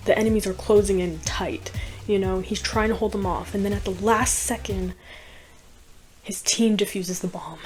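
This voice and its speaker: A woman's voice: medium pitch, darkish tone. A woman chatting casually as she recaps a movie, laughing often and peppering it with "like.".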